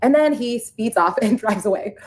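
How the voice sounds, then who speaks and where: A woman telling a personal story in a fast, animated, chatty way. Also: fairly high pitch, low-quality recording.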